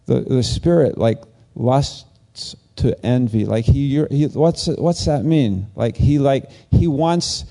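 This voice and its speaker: A pastor gives a casual, conversational sermon in a loose, chatty style, his gravelly voice dark and mellow. He speaks slowly and rambles, animatedly switching to higher, lively voices to act out what others said.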